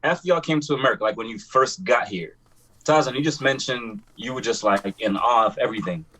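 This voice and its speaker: A man's voice: mid-range voice, a little fast, bright, forceful tone, low-quality recording. A man hosting a casual podcast chat, laid-back and joking as he asks questions.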